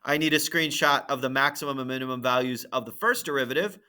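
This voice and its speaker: A math teacher walking through a graphing problem on screen, thinking aloud and checking in with "right?" and "okay?". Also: male voice, medium pitch, fast talker, bright, forceful tone, clean tone. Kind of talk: screen-recorded lesson walkthrough.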